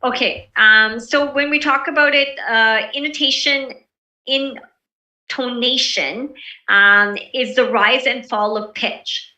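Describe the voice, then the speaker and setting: A woman's voice: on the high side, measured pace, few pauses, bright, forceful tone, highs cut off. A woman instructor teaching presentation skills in an online class, encouraging and coaching, with many fillers and restarts. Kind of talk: live online class lecture. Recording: echoey room from far off.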